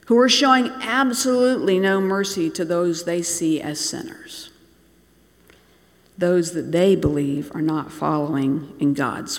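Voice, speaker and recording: A preacher who grew up in Bangladesh, telling a sermon as a story, slowing down and dropping to near-whispers to make a point. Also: medium pitch. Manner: storytelling, slows and drops to near-whispers for emphasis. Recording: long reverb in a large hall.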